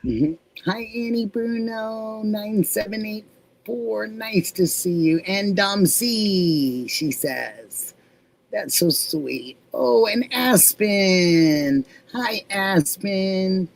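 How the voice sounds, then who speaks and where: A woman hosting a live stream, greeting chat and telling a personal story in a relaxed, drawn-out way. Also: medium pitch, gravelly. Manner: reads viewer comments aloud, drawn-out storytelling.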